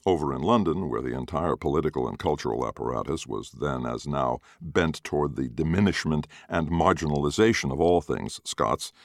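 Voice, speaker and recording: A man narrating a story in a wry, expressive manner. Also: very deep voice, gravelly, no echo, clean studio sound.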